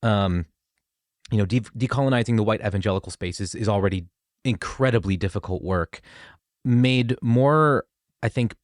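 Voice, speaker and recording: Male podcast host, low pitch, dry booth sound, thoughtful meandering questioner. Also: normal speed, dry recording. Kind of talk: casual conversation.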